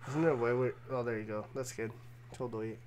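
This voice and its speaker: A man's voice: medium pitch, steady tone, fast, darkish tone. Young man, livestream co-host, joking banter, faint noise behind. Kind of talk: casual livestream chat.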